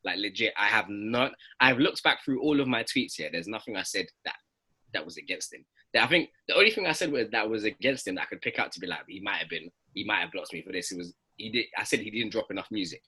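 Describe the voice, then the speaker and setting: A man co-hosting a casual podcast chat, animated and full of slang and swearing. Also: on the low side, fast talker, husky, poor audio. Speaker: podcast co-host.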